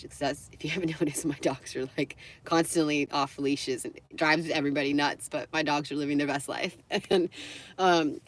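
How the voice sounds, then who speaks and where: A woman's voice: low-pitched, no room sound. A young adult woman telling stories casually on a live stream, laughing often and acting out the people in them. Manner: chatty, laughs often, acts out quoted voices.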